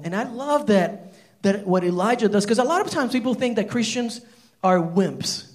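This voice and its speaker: Man, pastor, sermon, very high voice, animated, casual filler words. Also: unhurried. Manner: animated storytelling, many fillers like "like".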